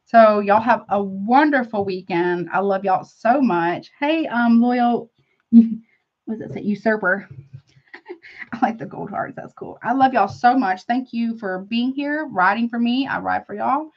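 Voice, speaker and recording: A woman's voice: fairly high pitch, measured pace, lo-fi sound. A middle-aged woman hosting a casual live-stream tarot reading, effusive and chatty, calling her viewers honey and y'all.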